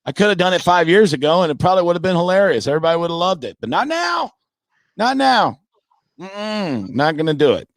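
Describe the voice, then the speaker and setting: This comedian speaks rapid-fire in a fairly high voice with lively intonation and few pauses. As a podcast guest, he talks sports in a loose, cocky, foul-mouthed manner and takes shots at his critics. No room sound is present.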